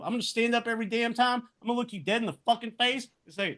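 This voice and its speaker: A man's voice: very high voice, racing, hardly any pauses, fairly bright tone. A man in his thirties, a podcast co-host, ranting in heated, profane casual chat.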